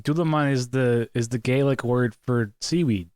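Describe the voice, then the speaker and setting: A man's voice: mid-range voice, normal speed, darkish tone, clear, resonant tone, dry recording, clean studio sound. A man co-hosting a podcast in casual chat, giggly and silly. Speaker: podcast co-host.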